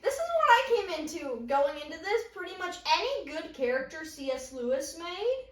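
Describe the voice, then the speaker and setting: A woman talks in a casual chat, excited and emphatic, with lots of fillers. Her voice sits very high. She sounds distant from the mic, in an echoey room. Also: moderate pace. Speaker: co-host.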